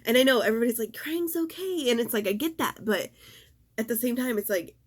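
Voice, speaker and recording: A middle-aged woman in a casual vlog, talking in a halting, emotional way and fighting back tears. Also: on the high side. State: tearful. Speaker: vlogger.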